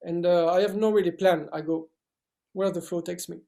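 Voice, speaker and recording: A young man in his twenties from France, speaking English with a French accent in a halting interview style with many restarts. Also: sits high, fairly even intonation, vocal fry, warm tone. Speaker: actor guest. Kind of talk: casual interview talk.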